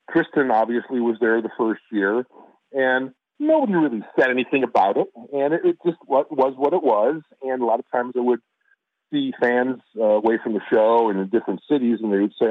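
A middle-aged man from Chicago, an actor guest telling stories in a relaxed, casual interview, often restarting his sentences. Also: medium pitch, no room sound. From Chicago, USA. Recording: dry, phone-like line.

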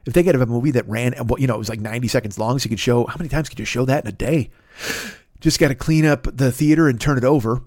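A man's voice: mid-range voice, rapid-fire, a little mellow, no room sound, clean studio sound. A man hosting a podcast, riffing in a profane, rambling comedic rant from home. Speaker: podcast host.

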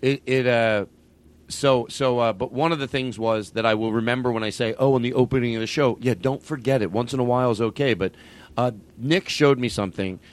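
A man's voice: mid-range voice, fairly even intonation, a little fast. A man hosting a comedy podcast, chatting casually in a rambling way with many restarts. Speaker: podcast host.

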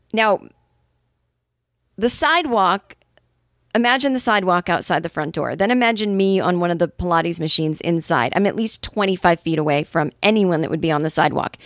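A woman's voice: mid-range voice, no echo, studio quality. A woman with a Boston accent hosting her podcast, a stand-up comedian ranting in a casual, exasperated, profane monologue.

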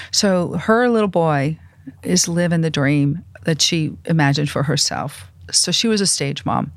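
Older woman guest, vivid storyteller, animated delivery, dry close mic. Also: deep voice, dry recording. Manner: animated anecdotes, acts out quoted voices. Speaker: music industry publicist and manager, guest. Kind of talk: storytelling interview.

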